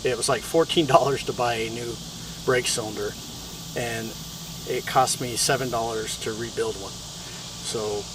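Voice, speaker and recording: A man hosting a do-it-yourself video, explaining a repair outdoors in a relaxed, plain-spoken way with fillers. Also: mid-range voice, measured pace, distant mic, noisy background. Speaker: DIY video host. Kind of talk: casual how-to explanation. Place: outdoors on a hot evening.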